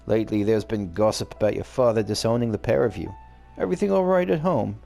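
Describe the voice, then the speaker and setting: A man's voice: on the low side, fast talker, gravelly, dark tone, soft background music. A man reading aloud the lines of a friendly male cafe owner in a game, in a loose put-on accent.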